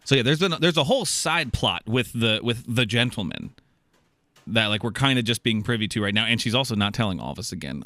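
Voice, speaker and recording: A man with a mid-range voice speaks briskly, with no echo, as he hosts a comedy podcast. He reads a listener's story aloud, animated and laughing, tossing in jokey asides.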